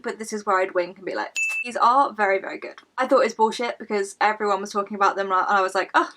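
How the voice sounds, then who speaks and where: A woman's voice: mid-range voice, fairly bright tone. A young Scottish woman vlogging from home, chatting casually with swearing and self-mocking laughs. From Scotland. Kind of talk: casual chat to camera. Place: at home during lockdown.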